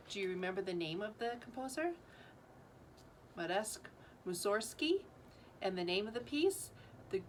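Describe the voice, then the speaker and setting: A woman's voice: mid-range voice, fairly bright tone, slight background noise. A woman giving the morning announcements at a school, speaking in a teacherly way and asking the students questions as she goes.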